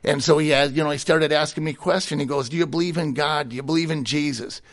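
A middle-aged man tells his story with candid, plainspoken honesty. His voice sits a little high and breaks into a short chuckle between stories. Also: fairly even intonation, quick pace. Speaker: guest sharing his testimony. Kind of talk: personal testimony in conversation.

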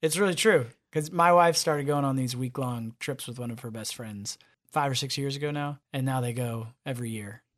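A man's voice: mid-range voice, moderate pace. A man, a podcast guest and father, talking in a casual interview and acting out quotes as he tells stories. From United States. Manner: animated storyteller, acts out quotes.

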